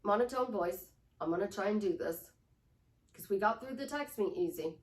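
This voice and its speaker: A middle-aged woman life coach giving a lively coaching talk, acting out affirmations in shifting tones. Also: mid-range voice, normal speed. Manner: animated, acts out affirmations in different tones. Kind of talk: coaching monologue. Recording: roomy sound from a distant mic.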